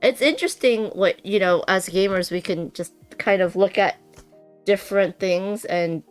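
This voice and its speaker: A woman's voice: medium pitch, normal speed, clear, resonant tone, soft background music. A woman chatting casually and giggling as she unboxes a board game on a stream, thinking aloud as she goes.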